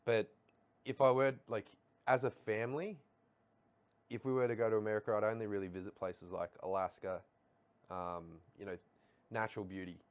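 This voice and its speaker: Australian male co-host, lower register, easygoing conversational delivery. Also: steady tone, moderate pace, long pauses, clean tone. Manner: laid-back, reflective, laughs easily. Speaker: podcast co-host. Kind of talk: casual chat.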